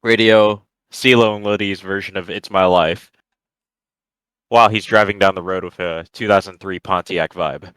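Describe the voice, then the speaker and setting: A man's voice: low voice, fairly even intonation, normal speed, fairly bright tone, clean tone, no room sound, low-quality recording. A man playing a tabletop game, describing his character with amusement. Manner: amused, with frequent laughs. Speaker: player.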